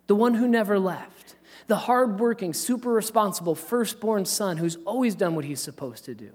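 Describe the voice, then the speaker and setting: A man preaching a sermon, telling a parable in an animated way and acting out the characters' lines. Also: high voice, normal speed. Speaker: pastor. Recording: long hall reverb.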